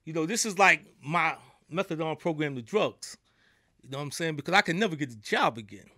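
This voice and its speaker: A middle-aged man with a New York accent talks as a guest in a podcast studio. He tells his stories in loose street slang and keeps checking in with "you know what I'm saying". His voice sits a bit high, with a bright, forceful edge and a dry, close sound. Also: lively intonation, brisk, dry recording. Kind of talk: casual storytelling.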